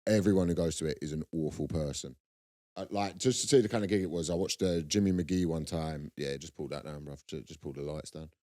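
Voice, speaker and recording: A man's voice: a bass voice, quick pace, mellow. A young man, co-hosting a comedy podcast and telling laid-back stories in slangy casual chat.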